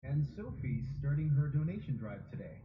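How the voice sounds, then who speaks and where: An earnest game helper. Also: male voice, on the high side, sing-song, normal speed, a little hiss or hum. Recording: tinny, echoey game audio.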